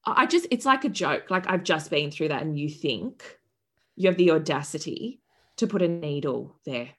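A podcast guest, a woman in her thirties with a low-pitched voice, tells a vivid, expressive story at a moderate pace. The conversation is candid, and she swears freely while acting out other people's voices.

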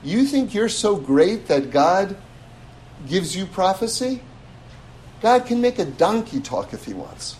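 Male teacher voicing a reproachful talking donkey; high, lively. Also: slow, a little hiss or hum, full character voice. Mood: scolding.

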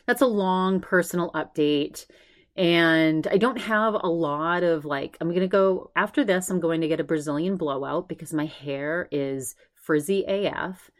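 A woman hosting a podcast, giving a rambling personal update with restarts and laughs, anxious and shaken. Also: low-pitched. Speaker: podcast host.

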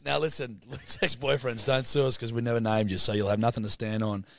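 A man's voice: mid-range voice, flat delivery, fast talker, vocal fry, a bit bright, no echo. A rowdy young Australian man trading jokes on a podcast, swearing freely and breaking into laughter. His voice sits mid-range and comes through close and dry, with no room sound. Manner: boisterous, sweary, laughs often. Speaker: podcast co-host. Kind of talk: casual banter.

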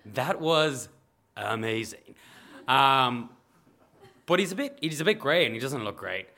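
A man, a nurse, telling a story to an audience, animated and acting out the people in it. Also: mid-range voice, moderate pace. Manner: animated, acts out voices, bursts of shouting and laughter. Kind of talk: live storytelling.

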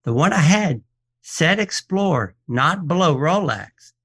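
His voice runs a bit high with a breathy edge, at a measured pace. A watch appraiser guesting on an informal radio show, he performs the people in his stories, quoting their lines animatedly and often starting over.

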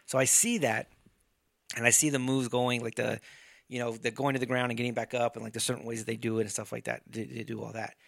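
Animated, swearing man on a podcast. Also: mid-range voice, fast talker, creaky, dry recording, clean studio sound. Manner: animated storyteller, acts out scenes, swears often. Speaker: podcast co-host. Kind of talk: casual chat.

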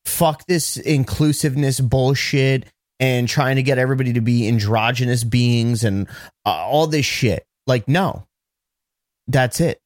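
A man co-hosting a podcast, speaking at an ordinary middle pitch. He rants bluntly and swears often. The recording is dry and close, with no room sound. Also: a little slow, no echo. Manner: blunt, profane ranting. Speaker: podcast co-host. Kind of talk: casual chat.

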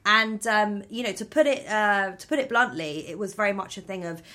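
A woman hosting a casual podcast interview, chatty and quick to laugh. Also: mid-range voice, sharp tone. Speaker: podcast host.

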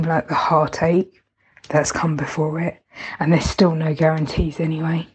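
Woman caller, tender and rambling, slightly low voice. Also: flat delivery, a little slow, a little mellow, breathy edge. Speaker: listener sending a voice message. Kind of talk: heartfelt voice message.

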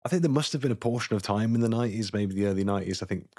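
A man's voice: on the low side, very fast, a little mellow, no room sound, studio quality. A man co-hosting a film podcast, chatting casually and rambling with lots of fillers and jokes. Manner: rambling, filler-heavy, joking. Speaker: podcast co-host.

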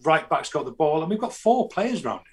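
A man, a football fan guest telling animated stories in casual chat, often restarting his sentences. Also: fairly high pitch, a little fast, a little hiss or hum. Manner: animated storytelling, frequent restarts.

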